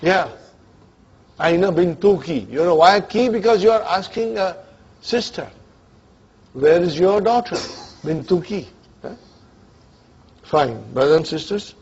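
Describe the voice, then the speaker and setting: In a dull, lo-fi classroom recording, a man lectures on Arabic grammar, quizzing his students and checking that they follow while mixing English with Arabic grammar terms. His high voice is husky and darkish, with lively intonation, a slightly slow pace and frequent pauses.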